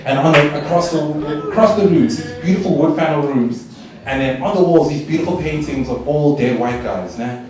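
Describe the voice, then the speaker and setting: A young man from South Africa performing a stand-up comedy routine, telling stories in an animated way and jumping to high squeals when he quotes himself. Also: a little fast. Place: stage in a club or hall. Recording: echoey live stage sound from a distance.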